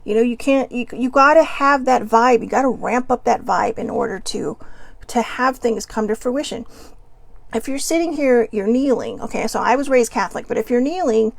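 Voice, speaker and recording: A woman's voice: a little high, moderate pace, gravelly, no echo. A woman host chatting casually to viewers as she reads oracle cards, rambling and upbeat with playful asides. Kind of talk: casual spiritual chat to viewers.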